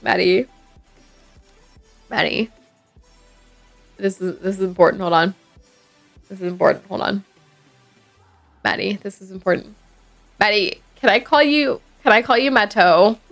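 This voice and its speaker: A woman's voice: medium pitch, measured pace, gravelly, pauses often. A woman streamer, chatting playfully with her viewers, teasing and laughing a lot. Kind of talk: casual live-stream chat while gaming. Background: faint game music.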